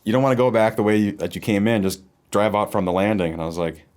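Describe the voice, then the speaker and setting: A man with a very deep voice co-hosts a casual podcast interview. He asks questions and keeps up a wry, joking banter. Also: fast, a little mellow. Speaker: podcast co-host.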